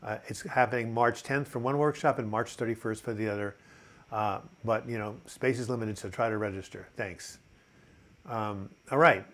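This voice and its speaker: A man's voice: on the low side, fairly even intonation, moderate pace, a bit bright. An older man hosting a casual live chat, upbeat and chatty as he reads out viewer comments, with plenty of fillers. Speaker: host of a mental health live chat.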